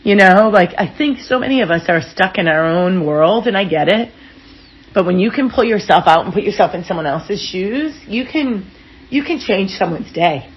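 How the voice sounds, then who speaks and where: A woman speaking as an interview guest, telling personal stories in a frank, expressive way with casual swearing. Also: medium pitch, moderate pace, lo-fi sound. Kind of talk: candid personal storytelling in an interview.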